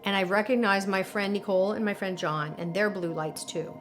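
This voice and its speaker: A woman in a documentary interview, telling a personal story in an animated, emotional way with lots of fillers. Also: medium pitch, brisk, soft background music. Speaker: interviewee recounting alien contact.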